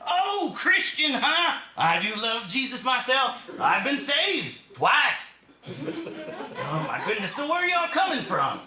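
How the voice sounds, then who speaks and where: A man playing a loud, nosy local man from with a folksy, cackling manner, on a roomy theater stage. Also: extremely high pitch, wildly swooping pitch, takes it slowly, voice pushed up, full character voice.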